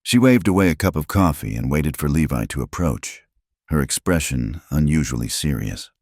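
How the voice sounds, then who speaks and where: A man narrating a western story in a measured, even storytelling manner. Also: extremely low pitch, no echo, studio quality. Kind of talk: scripted narration.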